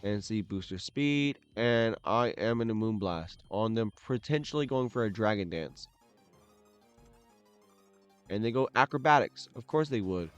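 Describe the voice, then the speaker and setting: A man's voice: lowish voice, expressive, measured pace, lo-fi sound, faint music behind. A young man giving casual play-by-play commentary on his own competitive match, talking through each move under his breath. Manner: muttered play-by-play, bursts into loud frustrated shouts. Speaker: gaming commentator. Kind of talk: live game commentary.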